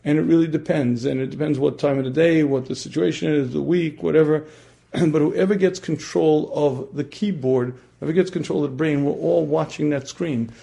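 A man teaching a religious class who often clears his throat and asks his listeners questions. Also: fairly high pitch, fairly even intonation, normal speed, dark tone.

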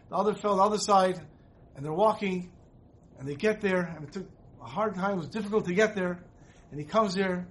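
A man teaching a Torah class, telling a story earnestly and often repeating his words. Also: high voice. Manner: earnest, repeats phrases as he narrates.

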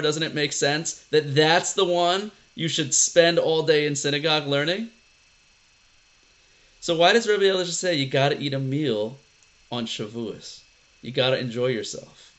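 A man teaching a casual lesson who talks conversationally, quizzes his class and tells stories with animation. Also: fairly high pitch. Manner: conversational, asks the class questions, animated storytelling.

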